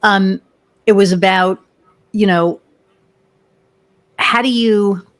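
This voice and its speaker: A woman's voice: medium pitch, slow. A middle-aged woman, a business owner, telling stories in casual chat and acting out the voices of the people she quotes. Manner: animated storyteller, acts out quoted voices. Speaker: podcast guest, business owner.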